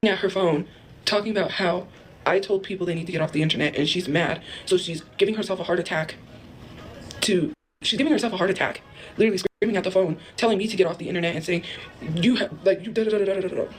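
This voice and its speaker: A woman's voice: lowish voice, fast talker, slight background noise. A woman in a played clip rambling and mocking someone, repeating herself. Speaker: internet personality in a clip. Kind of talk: casual rant to camera.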